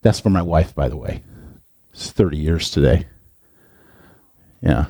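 Lively middle-aged man preaching casually. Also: a bass voice, a little slow, gravelly, slight background noise. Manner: playful, chatty, talks to the audience directly. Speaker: pastor. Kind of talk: casual sermon.

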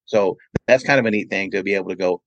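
A man's voice: low voice, fast, a bit bright, no echo, muffled recording. A man who promotes events, answering interview questions with long, rambling anecdotes full of "you know". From California, USA. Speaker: event promoter and radio DJ, podcast guest. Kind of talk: casual interview storytelling.

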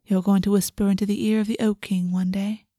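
A woman reading a storybook and voicing an older fae woman mentor who speaks softly and fondly. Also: medium pitch, flat delivery, brisk, no room sound, studio quality, lightly acted. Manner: soft, warm, murmuring.

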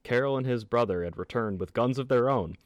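A man hosting a casual podcast, reading out a history story in an animated way. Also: a little fast, no echo. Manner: animated storytelling with lively pitch. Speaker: podcast host.

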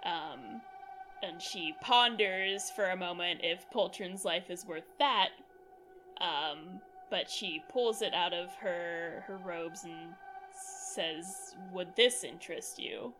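A woman playing a tabletop game, narrating her character slowly and hesitantly. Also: fairly low pitch, noisy background. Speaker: player.

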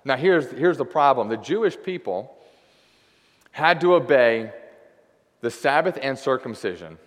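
Casual preacher in a reverberant hall. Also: male voice, mid-range voice, big pitch swings, a little slow. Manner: casual, conversational preaching with many "like" fillers. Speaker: guest preacher. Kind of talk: sermon. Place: church sanctuary.

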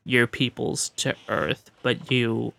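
In an improv comedy scene, a man plays an Earth negotiator, speaking politely and hesitantly with plenty of ums and restatements. His mid-range voice is animated, slow, gravelly and sharp.

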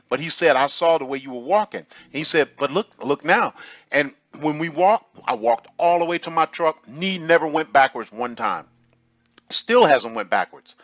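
A man telling a personal testimony in an animated, storytelling way, laughing often and restarting his sentences. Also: a little high, dry recording, muffled recording. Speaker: testimony vlogger. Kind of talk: casual spoken testimony.

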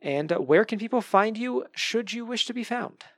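A man's voice: high-pitched, lively intonation, moderate pace, a bit bright. A man hosting a podcast in casual chat, upbeat and joking with his guests. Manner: jokey and upbeat. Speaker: podcast host.

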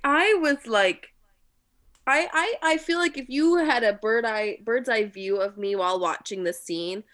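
A woman's voice: on the high side, measured pace, fairly bright tone. A woman co-hosting a casual podcast, recapping a TV episode and acting out characters' lines with lots of laughter. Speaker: podcast co-host. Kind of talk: casual chat recapping a TV show.

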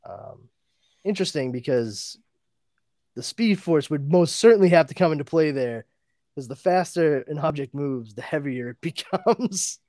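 A man's voice: a little high, normal speed, no echo, clean studio sound. A man hosting a comic book podcast, retelling the story casually, laughing often and acting out the characters' lines. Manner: animated, laughs often, acts out dialogue.

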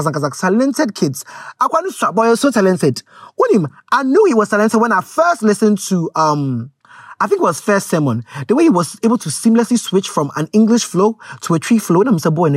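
A woman with a Ghanaian accent talks frankly to her viewers in a loose, rambling commentary and mixes Twi words into her English. Her mid-height voice swings widely in pitch. The sound is dry and close to the mic. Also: very animated, fairly quick, breathy edge, no echo. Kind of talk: casual commentary to camera.

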